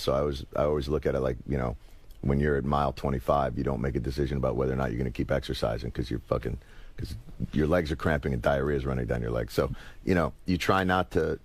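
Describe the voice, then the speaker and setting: Deep wry guy rambling on a talk show couch, dry close sound, kinda self-mocking. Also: darkish tone, no room sound. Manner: wry, rambling, self-deprecating, quick asides. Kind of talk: casual talk show conversation. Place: television studio.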